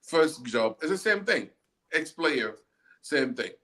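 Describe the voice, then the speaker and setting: A man's voice: fairly high pitch, sing-song, slow pace, pushed and bright. A man co-hosting a casual football chat, arguing emphatically and repeating words to drive points home. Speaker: football podcast co-host.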